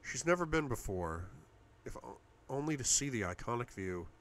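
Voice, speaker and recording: A man narrating a first-person novel aloud, steady, going low and quiet in intimate passages. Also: normal speed. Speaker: audiobook reader.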